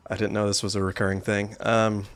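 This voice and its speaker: A man's voice: lowish voice, monotone, fairly quick, smooth, soft background music. A man streaming a horror game, commenting with joking, self-deprecating asides.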